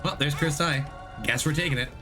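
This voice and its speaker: A man's voice: a little high, brisk. A man streaming a video game, chatting loosely with his viewers and correcting himself as he goes, still recovering from a long illness. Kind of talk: casual gameplay commentary. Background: game music.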